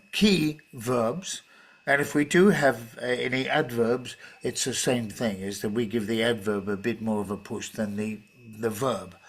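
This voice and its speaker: A man leading a teacher-training workshop, explaining in a measured way with frequent fillers and restarts. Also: medium pitch. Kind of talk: online workshop talk.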